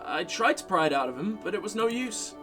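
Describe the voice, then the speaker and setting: A guarded young woman from a detective game, soft and offhand as she answers questions, as a man puts her on. The voice sits high and moves freely, with faint music behind it. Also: big pitch swings, brisk.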